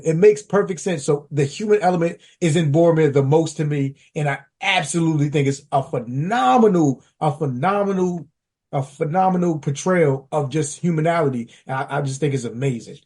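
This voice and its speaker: A man co-hosting a casual podcast discussion, talking in an animated, slangy, emphatic way. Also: fairly quick, husky. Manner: animated, acts out quotes with big pitch jumps. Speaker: podcast co-host.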